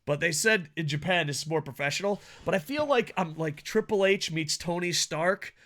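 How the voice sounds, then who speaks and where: Loud, laughing, high-voiced podcast man. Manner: loud, laughing, swearing, rapid banter. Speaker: podcast co-host. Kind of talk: casual podcast chat.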